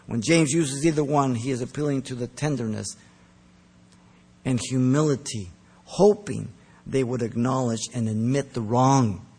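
A man preaching a sermon, earnest and emphatic, pressing his points hard and then dropping soft. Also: mid-range voice, measured pace, husky. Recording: long reverb of a large hall.

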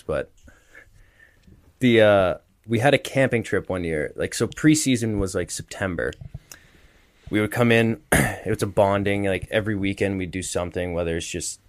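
A man's voice: low voice, no room sound. A young man in his twenties telling stories in a loose, laughing way, full of fillers, during a casual chat. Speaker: podcast co-host, former college hockey player.

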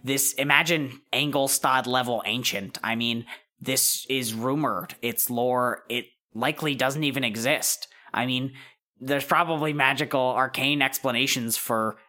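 Low-voiced, bright woman game master. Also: steady tone, measured pace. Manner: rambling, full of fillers and laughs. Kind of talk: narrating a tabletop game.

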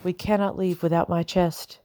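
Woman reading a crisp, haughty colonial lady. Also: on the low side, flat delivery, moderate pace, mellow, natural voice. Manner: crisp, cold, demanding. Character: haughty, imperious colonial lady, sharp-tongued.

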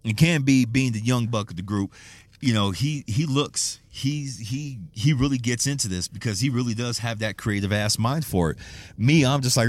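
A man's voice: mid-range voice, animated, normal speed, no room sound. A man hosting a casual solo podcast, rambling and swearing, laughing often and restarting his sentences. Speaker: podcast host.

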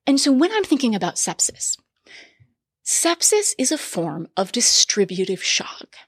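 A woman teaching a medical lecture in a bright, fairly high voice, talking to the listener like a colleague and throwing in quick asides. The sound is dry and close, with no room around it. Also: sing-song, husky, no room sound.

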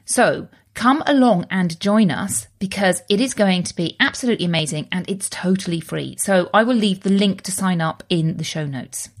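A woman's voice: medium pitch, normal speed, few pauses. A woman hosting a podcast in a bubbly, upbeat and emphatic way. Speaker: podcast host.

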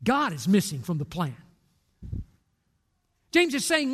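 High-voiced older preacher in echoing hall. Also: male voice, huge pitch swings, takes it slowly, pauses often, a bit bright, husky. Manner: emphatic, direct storytelling preacher. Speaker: pastor. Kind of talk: sermon. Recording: long reverb of a large hall.

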